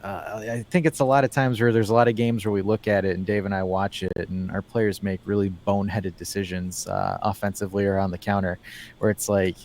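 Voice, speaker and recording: A man co-hosting a casual football podcast, talking in a rambling, animated way, full of fillers and restarts, with wry asides. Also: fairly low pitch, fairly quick. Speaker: podcast co-host.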